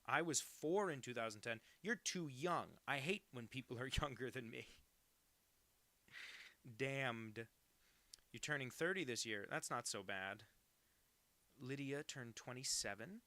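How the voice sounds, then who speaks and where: A man's voice: mid-range voice, animated, measured pace, pauses often, pushed and bright. A young man in his twenties, a cartoonist on a live stream, chatting casually and self-deprecatingly while he draws and reads out viewers' messages.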